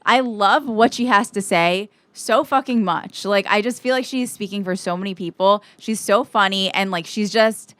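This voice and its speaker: A woman hosts a casual podcast chat, gushing and filling her talk with "like". Her voice is smooth and clear at a middle pitch, recorded dry and close. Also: normal speed, few pauses, a bit bright, dry recording. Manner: gushing, filler-heavy with lots of "like". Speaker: podcast host.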